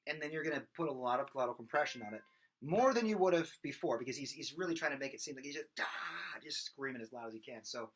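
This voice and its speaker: A man's voice: mid-range voice, lively intonation, fast, some chatter behind. A man giving a casual singing lesson, explaining in a loose, rambling way with plenty of fillers and restarts. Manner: loose, rambling explanations broken by loud belted and screamed sung examples. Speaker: vocal coach.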